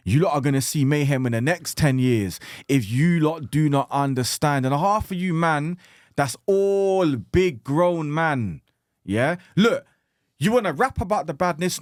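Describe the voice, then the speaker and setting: A man's voice: a little high, no echo, clean studio sound. A man, a podcast guest speaking fervently and with open emotion about violence. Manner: fervent, preachy, openly emotional. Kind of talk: impassioned podcast talk.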